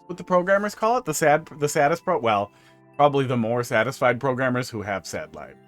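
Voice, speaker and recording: Chatty, animated male streamer. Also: mid-range voice, brisk, soft background music. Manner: chatty, rambling, jokey, hums to himself. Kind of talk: casual live-stream commentary.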